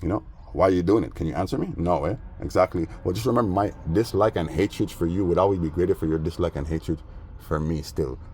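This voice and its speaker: A vlogger with a low, darkish voice rambles quickly through a story, sounding aggrieved and agitated. His talk is casual street slang, full of "man" and "bro," and a faint hiss or hum sits under the recording.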